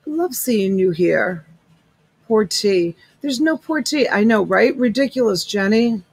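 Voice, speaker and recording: Woman, middle-aged, live-stream seller, casual chat, greets viewers with endearments, medium pitch. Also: expressive, measured pace, slightly rough, no room sound, poor audio. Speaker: live-stream reseller host. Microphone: USB desk mic.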